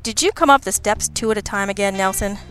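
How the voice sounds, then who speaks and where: A woman's voice: medium pitch, fast, a bit bright, smooth, soft background music, close to an everyday voice. A woman voicing a dry-witted, unflappable male detective who speaks patiently and wryly in an audiobook.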